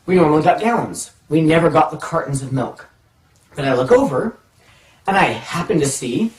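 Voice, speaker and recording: Animated man telling a funny story, echoey. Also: fairly high pitch, normal speed. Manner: animated, self-mocking, acts out voices in his stories. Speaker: storytelling vlogger. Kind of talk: comic personal story time. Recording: echoey room, mic far off.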